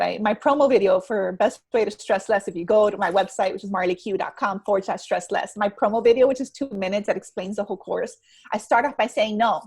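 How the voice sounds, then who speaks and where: A woman guest and stress coach talking in a conversational interview, telling stories and acting out quotes in an animated way. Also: on the high side, husky. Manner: animated storyteller, acts out quotes.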